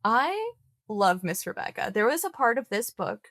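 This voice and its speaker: A woman's voice: a little high, sing-song, moderate pace, fairly bright tone, no room sound, studio quality. A woman guest on a podcast chatting casually, jokey and dramatic. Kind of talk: casual chat.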